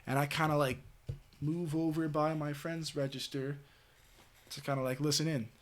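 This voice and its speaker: Streaming late at night, a man tells a rambling, casual story packed with filler words and frequent swearing. His voice is a little high, with a level tone and moderate pace.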